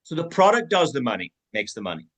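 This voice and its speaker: A man's voice: mid-range voice, sing-song, quick pace, a bit bright, rough recording. A man giving a team sales training talk, acting out both sides of example conversations.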